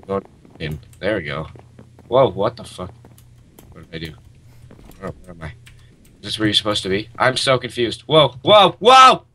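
A man in casual gaming chat with a friend, excitable and yelping at mishaps. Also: low voice, normal speed, pauses often. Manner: excitable, yelps and shouts at mishaps. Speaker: gamer playing with a friend.

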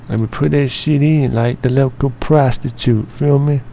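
A man talks through an editing session in loose, rambling commentary, heavy on slang and swearing. His voice is gravelly with plenty of fry. The tone sits dark and mellow rather than bright. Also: mid-range voice, steady tone, moderate pace, hardly any pauses, slight background noise. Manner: slangy, profane, joking and rambling. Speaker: editing tutorial narrator. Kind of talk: casual profane screen-recording commentary.

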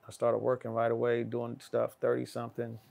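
This is a middle-aged man with a gravelly, creaky voice, spinning an anecdote in a relaxed chat. He acts out the other people's lines himself and jumps loud and high in pitch as he does. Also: a little fast. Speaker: guest. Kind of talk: animated storytelling in casual chat.

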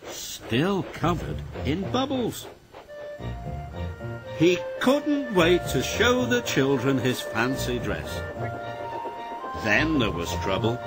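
A man reading a children's story aloud in a sing-song, expressive way. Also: fairly high pitch. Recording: music playing behind.

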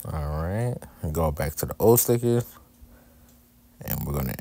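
Very deep-voiced man joking through a craft. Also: expressive, a little slow, creaky, warm tone. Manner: candid, joking, self-deprecating. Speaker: husband narrating a craft video. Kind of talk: casual voice-over narration.

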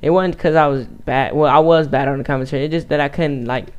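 A man chats loosely over his own gameplay, his voice smooth and clear. He stutters, restarts sentences and wanders off topic as he plays. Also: fairly high pitch, fairly even intonation, fast talker, a little mellow, highs cut off. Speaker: YouTube gamer. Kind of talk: casual gameplay commentary.

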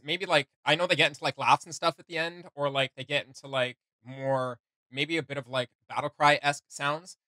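A man's voice: a little high, no room sound. A man co-hosting a reaction show, chatting casually and critiquing with lots of restarts. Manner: animated, critiquing, many restarts and "like".

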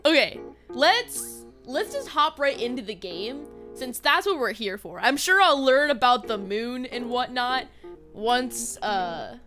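High, lively woman streamer, prone to dramatic whining, music under her voice. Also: slow pace. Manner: excitable, dramatic outbursts and playful whining. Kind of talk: casual gaming livestream chat. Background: background music.

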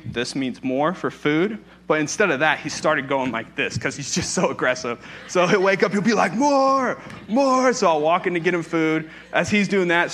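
A man's voice: medium pitch, fairly bright tone, slight background noise. A young adult man, a pastor, preaching a sermon in a conversational way, telling stories with playful asides.

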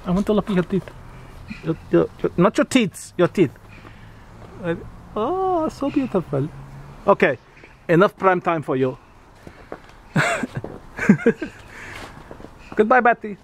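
A man's voice: high-pitched, expressive, normal speed, creaky, long pauses, slight background noise. A man playing a vain, childish self-styled demon who coos in broken English at a small animal, outdoors in a garden. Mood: doting. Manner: broken English, cooing baby talk to an animal. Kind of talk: comic character monologue.

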